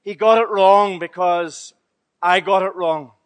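A man's voice: high voice, steady tone, unhurried, smooth, voice pushed down. A male preacher voicing God as a hypothetical figure who speaks in a matter-of-fact, confiding way within a sermon. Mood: dismissive. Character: God, male, revising scripture, dismissive.

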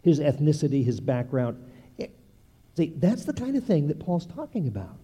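An older man, a pastor, preaching a sermon with animated delivery and playful asides to the congregation. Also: a little high, moderate pace, slightly rough.

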